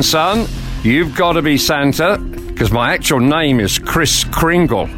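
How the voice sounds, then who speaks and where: A man playing a jolly elderly Santa Claus as a studio guest, with a gentle, folksy, grandfatherly way of telling things. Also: mid-range voice, close to an everyday voice.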